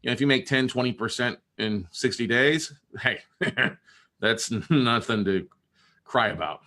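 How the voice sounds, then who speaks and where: A man's voice: medium pitch, lively intonation, measured pace, pushed and bright. A man hosting a podcast, telling a deal story in a casual, conversational way, acting out the other people as he goes. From Texas. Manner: conversational, with many restarts and quoted dialogue. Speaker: podcast host and note investor.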